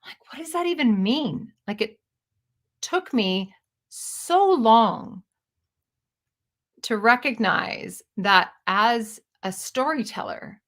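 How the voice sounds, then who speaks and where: A woman's voice: a little high, animated, slow, a bit bright. Earnest woman in her fifties. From Canada. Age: 50s. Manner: earnest, searching, self-questioning. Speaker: storyteller and stage performer. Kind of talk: reflective personal monologue.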